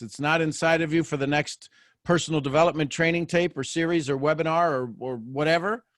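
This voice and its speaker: Fairly high-voiced man giving a pep talk. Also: dry recording, clean studio sound. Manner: animated and joking, with frequent restarts. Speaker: host of a motivational live show. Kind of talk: motivational talk to a live online audience.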